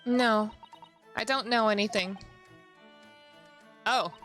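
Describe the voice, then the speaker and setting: A woman's voice: a little high, steady tone, slow, a bit bright, faint music behind. Giggly woman streaming a game. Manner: giggly, reads game lines with playful voices. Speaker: VTuber streamer. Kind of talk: casual game-stream chat, reading dialogue aloud.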